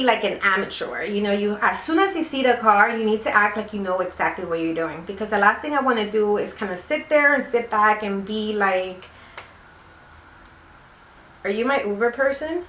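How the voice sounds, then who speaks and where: A woman vlogger telling a rambling story, with plenty of fillers along the way. Her voice sits at a middling pitch. The recording has a roomy echo. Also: fairly quick, sharp tone. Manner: chatty, rambling, many fillers. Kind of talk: casual storytime.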